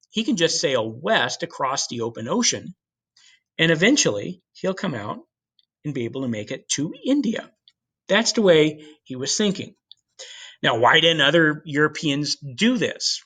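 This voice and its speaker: A man giving a history lecture in an animated storytelling way, with casual asides to the class. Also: a little high. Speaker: history teacher.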